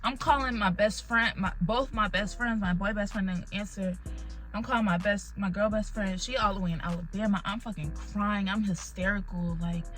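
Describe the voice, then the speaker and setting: A young adult woman vlogger excitedly telling a personal story in casual chat, swearing now and then. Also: mid-range voice, normal speed, faint music behind, low-quality recording. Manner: animated, emotional retelling with swearing.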